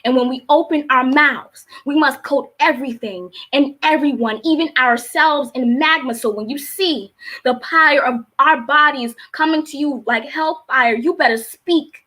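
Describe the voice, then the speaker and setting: A woman's voice: high-pitched, measured pace, pushed and bright. A woman in her twenties with a Baltimore accent, a spoken word poet with a rhythmic, emphatic delivery on a live-streamed show. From Baltimore, USA. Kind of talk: spoken word performance and casual chat. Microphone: streaming on a live online show.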